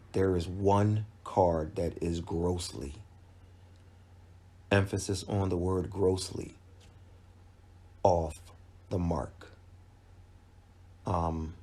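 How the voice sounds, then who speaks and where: A man with a low, dark voice talks through a boxing fight in an unhurried way. He is a casual channel host, emphatic and conversational, and often restarts mid-sentence. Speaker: boxing commentator. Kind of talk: casual video commentary.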